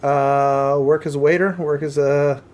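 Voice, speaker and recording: A man guesting on an interview, telling stories and giving advice in a relaxed, candid way, now and then swearing. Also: fairly high pitch, a little slow. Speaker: interview guest, film production head. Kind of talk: casual interview chat.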